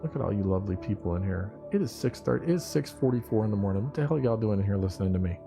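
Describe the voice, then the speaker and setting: A man's voice: fairly low pitch, expressive, rapid-fire, creaky. A man hosting a casual morning livestream, rambling, joking and swearing as he teases his viewers. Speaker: livestream host. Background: faint music.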